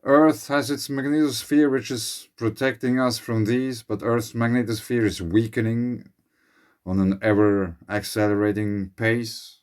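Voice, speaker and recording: A man with a Finnish accent, speculating in a slow, musing monologue as host of his channel, his English phrasing a little uneven. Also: mid-range voice, steady tone, a little mellow, clear, resonant tone.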